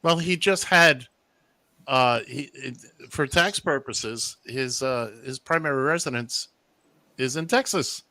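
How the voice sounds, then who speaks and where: A radio co-host from Long Island, New York, chats casually about politics, blunt and opinionated and teasing the others. His voice is medium in pitch with a sharp tone, slow, and recorded dry.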